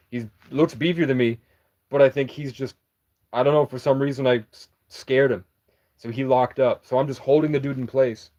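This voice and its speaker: A man's voice: medium pitch, a little mellow. A young man telling a story casually, rambling, swearing freely and backtracking to correct himself. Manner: rambling, profane, jumps back to correct himself. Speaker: vlogger. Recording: dull lo-fi recording.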